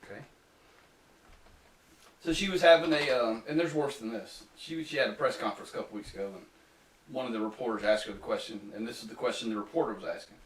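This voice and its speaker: A man's voice: medium pitch, quick pace, far from the mic. A man hosting a casual political talk podcast, sarcastic and mocking as he reads quotes aloud. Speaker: podcast host. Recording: echoey room, voice off-mic.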